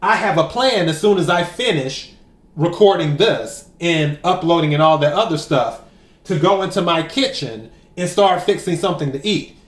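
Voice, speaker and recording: A man giving a spiritual oracle card reading to camera, talking in a slow, emphatic way and repeating his key phrases. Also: a little high, animated, echoey room. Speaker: tarot and oracle card reader.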